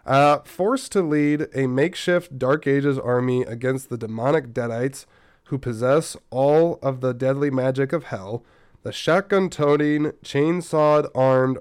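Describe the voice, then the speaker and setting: Worn-out guy rambling on his podcast, smooth clean voice, dry close mic. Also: mid-range voice, a little mellow, no echo. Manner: rambling, self-correcting, chatty asides. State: recovering from a stomach bug, a bit tired. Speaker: podcast host. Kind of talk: casual solo podcast chat.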